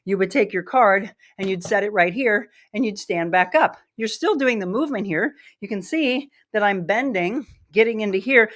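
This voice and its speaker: A woman's voice: mid-range voice, moderate pace, few pauses, fairly bright tone. Breathless woman coaching a live workout. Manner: upbeat, coaching, demonstrating while moving. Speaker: fitness instructor.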